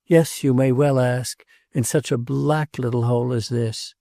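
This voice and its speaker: A man's voice: medium pitch, a little slow, no echo, studio quality, lightly acted. A man playing a jealous, agitated prince. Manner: excited, pleading, repeats himself. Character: jealous agitated nobleman, tormented.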